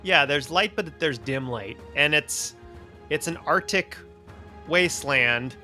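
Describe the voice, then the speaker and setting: A man's voice: a little high, takes it slowly, sharp tone, faint music behind. A man running a tabletop game as dungeon master, narrating loosely with restarts and laughs.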